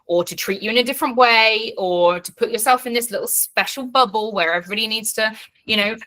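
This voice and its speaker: A woman's voice: fairly high pitch, a little fast, sharp tone. Frank woman coaching a class. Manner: frank, blunt, swears freely, checks in often. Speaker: coach and teacher. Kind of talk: online class teaching.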